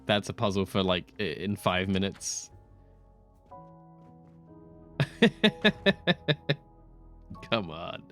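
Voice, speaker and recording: A man giving chatty, excitable gameplay commentary as a streamer, full of quick asides. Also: sits low, soft background music. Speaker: gaming streamer.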